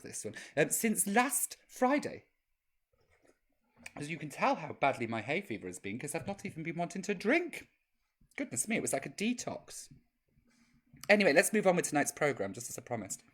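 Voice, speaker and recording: A man's voice: fairly high pitch, a bit bright. A man hosting a live-streamed chat show as a cheeky camp drag grandmother, reading out viewer comments in a chatty, naughty way. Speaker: drag host playing a grandma.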